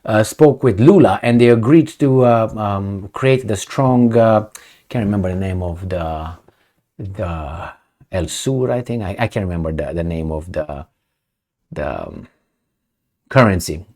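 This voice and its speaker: A political commentator with a lowish, slightly mellow, expressive voice reads a news article aloud at an unhurried pace. He keeps breaking off into combative, sarcastic, heated asides, often losing his words and starting over.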